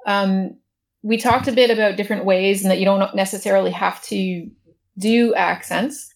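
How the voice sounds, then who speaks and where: A woman's voice: mid-range voice, steady tone, moderate pace, creaky. A woman on a casual panel, asking follow-up questions in a friendly way.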